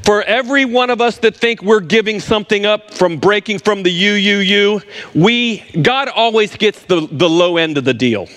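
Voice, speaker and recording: Male preacher, slightly high voice, emphatic sermon delivery that leans on repetition. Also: moderate pace, fairly bright tone. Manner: emphatic, repeats words for stress, addresses listeners directly.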